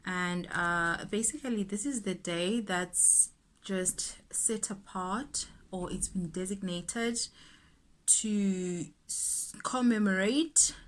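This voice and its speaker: A woman's voice: mid-range voice, slow, a little hiss or hum. A young South African woman with a South African accent, chatting earnestly and indignantly while getting ready, with emphatic repetitions. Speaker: YouTuber. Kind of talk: casual get-ready-with-me chat.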